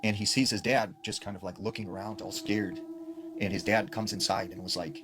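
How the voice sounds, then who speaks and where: A man's voice: fairly low pitch, steady tone, fairly quick, background noise. A man casually retelling a ghost story secondhand, with frequent fillers like "like" and "you know". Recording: clear background music under the voice. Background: background music.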